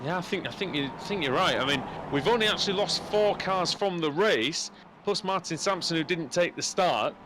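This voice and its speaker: A high-pitched man calls a sim race as lead commentator, jumping in excitedly whenever cars collide. A steady hiss of noise runs beneath his voice. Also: moderate pace. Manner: excitable, rising sharply at incidents.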